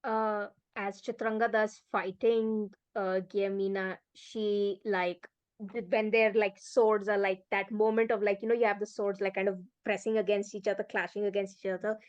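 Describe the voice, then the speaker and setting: A woman playing a tabletop game, describing her character's moves haltingly with many pauses and fillers. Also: medium pitch, level tone, highs cut off. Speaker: player.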